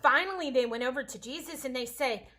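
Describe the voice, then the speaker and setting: Bright, chatty woman teacher. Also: high voice, brisk. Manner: chatty, playful, encouraging. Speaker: science teacher. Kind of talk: casual home-school lesson.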